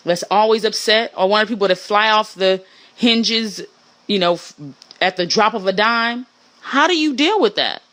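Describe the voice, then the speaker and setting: A woman hosting a casual solo monologue in an animated way, swinging her pitch for emphasis and mimicking the people she talks about. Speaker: podcast host.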